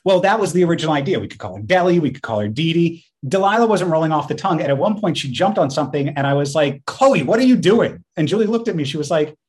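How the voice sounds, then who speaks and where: A man co-hosting a podcast in casual chat, telling stories in an animated way and laughing often. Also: on the high side, rapid-fire, hardly any pauses. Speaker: podcast co-host.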